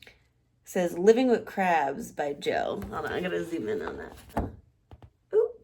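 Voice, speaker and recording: A woman in her thirties casually showing keepsakes to the camera, rambling with restarts and sounding nostalgic and softly sentimental. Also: low-pitched, wildly swooping pitch, unhurried, slight background noise. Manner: softly sentimental, near tears at times; sleepy late-night talk. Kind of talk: casual show-and-tell chat.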